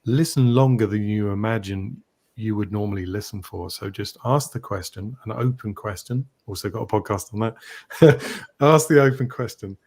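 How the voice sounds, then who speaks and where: A man working as a coach, explaining ideas in a relaxed, easy-laughing way on a podcast. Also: fairly low pitch, moderate pace. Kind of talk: podcast conversation.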